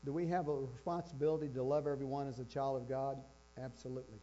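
A man's voice: mid-range voice, steady tone, quick pace, dark tone. A man preaching a sermon with emphasis, repeating his key phrases. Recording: dull lo-fi with faint electrical hum.

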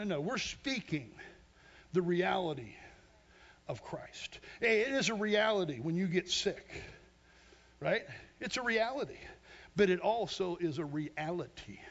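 A high-voiced man from Western Pennsylvania preaching a fervent sermon. His voice is gravelly and husky, and his pitch swings widely as he calls out for amens. It sounds like a slightly dull, lo-fi recording. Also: a bit bright. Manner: fervent, emphatic, calls for amens, laughs at himself. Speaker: pastor. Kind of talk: energetic sermon.

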